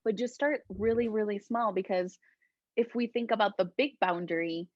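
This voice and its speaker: A woman from Colombia, a guest healer, talking gently and reflectively in a casual interview, often laughing. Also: mid-range voice, moderate pace, no room sound, highs cut off.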